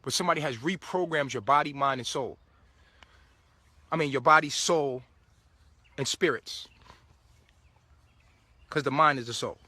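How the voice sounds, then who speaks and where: A man's voice: medium pitch, a little slow, long pauses, pushed and bright, no echo. A man giving a casual spiritual monologue to his viewers, preachy and swearing freely, often breaking into laughter. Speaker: spiritual vlogger.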